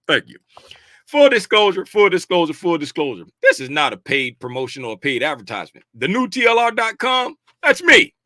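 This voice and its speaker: A middle-aged man talks through futures charts on a casual livestream. His voice sits high and sounds bright, and he keeps it loose and slangy, greeting the chat and laughing along. The sound is dry, with little room echo. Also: big pitch swings, a little fast. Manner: chatty, greets viewers by name and laughs often; easygoing slangy talk. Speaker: livestream host reviewing futures markets. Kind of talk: casual livestream market commentary.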